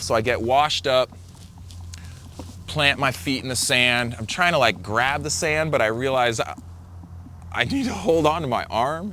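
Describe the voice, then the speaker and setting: A man's voice: mid-range voice, animated, normal speed, sharp tone, a little hiss or hum. A young man, a big wave surfer, recounting a near-death wipeout in vivid, breathless storytelling full of fillers.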